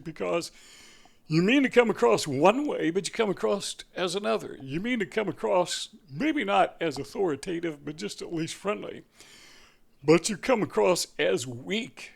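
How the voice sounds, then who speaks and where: A man hosting his own channel, talking earnestly through numbered points of advice and sometimes pausing to search for a word. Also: high-pitched, vocal fry. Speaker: channel host. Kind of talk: talking-head advice monologue.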